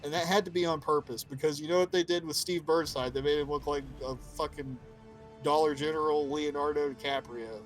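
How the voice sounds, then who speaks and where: A man co-hosting a casual podcast about a video game, animated, swearing freely and acting out character quotes. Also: a little high, fairly quick, faint music behind, low-quality recording. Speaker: podcast co-host.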